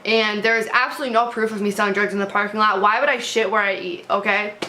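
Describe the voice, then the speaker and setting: Young woman vlogger ranting a storytime, sharp bright voice, cusses constantly, lots of um and like. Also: mid-range voice, fairly even intonation, quick pace, slight background noise. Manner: blunt, heavy swearing, many fillers and restarts. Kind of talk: casual storytime to camera.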